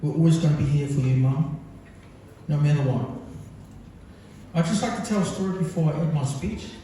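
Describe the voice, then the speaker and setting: A man gives a speech to his mother, wandering through a funny story with plenty of ums. His voice sits a little high and sounds mellow. The recording catches him from a distance in a big hall that rings with echo. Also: fairly quick, slight background noise. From New Zealand. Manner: rambling, humorous storytelling with many fillers. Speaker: son giving a birthday speech. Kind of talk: speech to a gathering. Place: large function hall. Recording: echoey hall, captured from far off.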